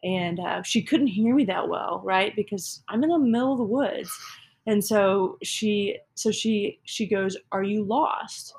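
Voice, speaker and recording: Chatty woman with a gravelly edge. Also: mid-range voice, measured pace, darkish tone. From Texas. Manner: self-deprecating, chatty, many fillers like "um" and "like". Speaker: guest telling a personal story. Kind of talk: casual conversational storytelling.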